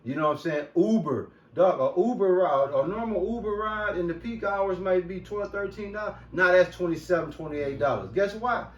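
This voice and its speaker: A man's voice: high voice, normal speed, few pauses, dull audio. A man hosting a group talk, preaching loosely with slang and profanity. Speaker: host. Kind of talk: street talk commentary with scripture. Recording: roomy echo from a distant mic.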